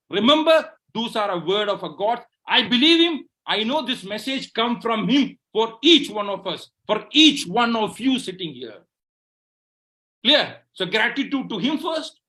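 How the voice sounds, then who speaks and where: Fervent high-voiced motivational speaker man. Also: fairly bright tone. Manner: fervent, repetitive, asks "right?" constantly. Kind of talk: motivational speech to a live audience.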